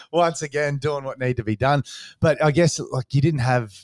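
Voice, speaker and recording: A man's voice: mid-range voice, measured pace, no echo, clean studio sound. Australian man, casual podcast host. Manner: swears freely, animated retelling with put-on voices. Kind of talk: casual storytelling chat.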